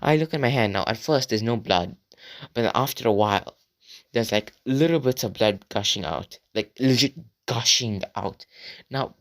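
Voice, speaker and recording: A young man with a somewhat low voice tells a story in a loose, rambling way, dropping "like" constantly and swearing freely. He talks straight to his viewers as he goes. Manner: rambling and profane, heavy filler words. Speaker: vlogger. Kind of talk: casual storytime monologue.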